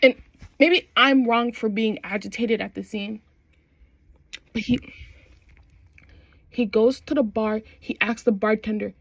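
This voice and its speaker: A woman's voice: on the high side, fairly even intonation, unhurried, vocal fry, pauses often, no room sound. A young adult woman in casual chat, recapping a TV show with slangy phrasing and frequent laughs. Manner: chatty, slangy, laughs often while recapping. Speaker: vlogger.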